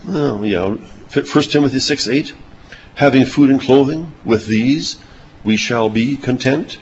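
A man's voice: medium pitch, a little slow, a little mellow, dull audio, a little hiss or hum. An older man preaching a sermon, reading scripture and telling folksy childhood anecdotes with chuckles.

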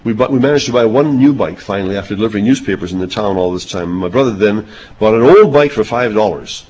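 A man's voice: on the low side, quick pace, a little mellow, slightly rough, lo-fi sound. An older man preaching a sermon, reading scripture and telling folksy childhood anecdotes with chuckles.

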